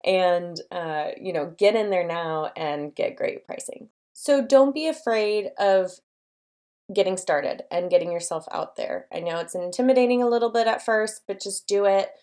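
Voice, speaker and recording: A young adult woman who owns a design studio hosts her own channel, offering chatty, encouraging business advice to camera. Her voice is medium-pitched and darkish, her pace moderate, and she uses many fillers.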